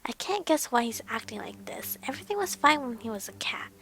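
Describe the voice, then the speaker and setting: Woman, high pitch, gravelly fry, soft near-whispered visual novel narration. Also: big pitch swings, fairly quick. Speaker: let's play streamer.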